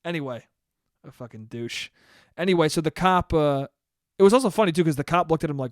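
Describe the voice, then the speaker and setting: A man's voice: on the high side, expressive, fairly quick, no echo, studio quality. A young man hosting a casual solo podcast, rambling sarcastically and swearing often. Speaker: podcast host.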